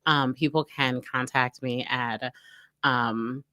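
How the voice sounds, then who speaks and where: A woman's voice: a bass voice, fairly even intonation, takes it slowly, pushed and bright, no room sound. A woman guest on a talk show, upbeat and eager, with lots of fillers. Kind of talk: casual talk show chat.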